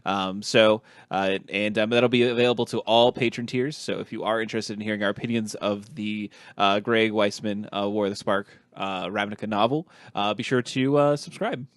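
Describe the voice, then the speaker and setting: A man with a lowish voice hosts a casual podcast, rambling and filling pauses with ums and restarts. The sound is dry and close, with no room around it. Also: steady tone, no room sound. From Ohio. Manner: rambling, many fillers and restarts. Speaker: podcast host.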